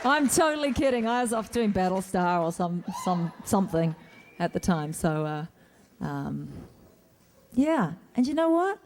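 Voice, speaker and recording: At a convention Q&A panel, a woman appearing as an actor guest answers fan questions into a stage mic in a large hall, chatty, joking, self-deprecating, and restarting often. Her mid-range, slightly mellow voice swings widely in pitch and is unhurried.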